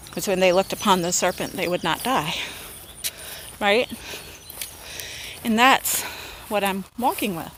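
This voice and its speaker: A woman gives a heartfelt personal testimony in a casual, unscripted way. Her pitch sits in the middle, and she acts out her own words and God's replies. A clear layer of background noise runs under her voice. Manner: earnest and emotional, with many filler words like "like" and "okay?"; acts out quotes of herself and of God. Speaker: self-made online minister. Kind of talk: casual spoken testimony to the camera.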